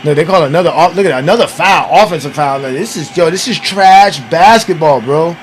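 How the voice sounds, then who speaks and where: A man hosting a casual watch-along, giving excitable, profane, trash-talking commentary on an old basketball game. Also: on the high side, fairly quick, slight background noise. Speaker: podcast host.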